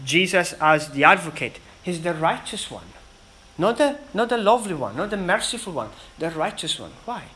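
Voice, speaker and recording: Earnest male preacher, slightly high voice. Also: sharp tone, slight background noise, poor audio. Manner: earnest, emphatic, with dramatic pauses. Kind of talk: sermon.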